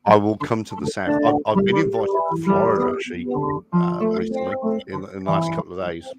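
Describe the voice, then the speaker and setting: Man, British, low gravelly voice, rambling casual chat, stumbles over words, dry close sound. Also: a little fast, over loud music. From Britain. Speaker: livestream host.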